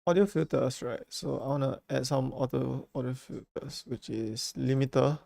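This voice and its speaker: A man's voice: mid-range voice, fairly even intonation, normal speed, gravelly, dark tone. A man streaming live, chatting casually while fumbling with his settings and repeating himself. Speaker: livestreamer. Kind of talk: casual livestream chat.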